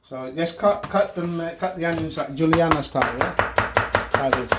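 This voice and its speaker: A man's voice: on the high side, normal speed. A middle-aged man from northwest Spain hosting a casual home cooking demonstration, rambling and chatty, full of fillers and tag questions. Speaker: cooking show host. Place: home kitchen. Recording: echoey kitchen with cooking noise.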